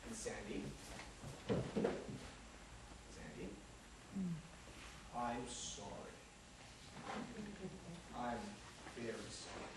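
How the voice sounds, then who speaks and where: An actor playing a restless, witty out-of-work New York man in a stage monologue, rambling and animated, mimicking passers-by. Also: sits high, normal speed, long pauses. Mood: remorseful. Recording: echoey room from far off, noisy.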